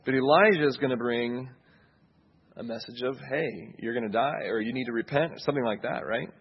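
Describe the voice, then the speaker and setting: Husky-voiced man preaching a sermon. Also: medium pitch, brisk, highs cut off. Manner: conversational preaching, asks listeners "right?". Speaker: pastor.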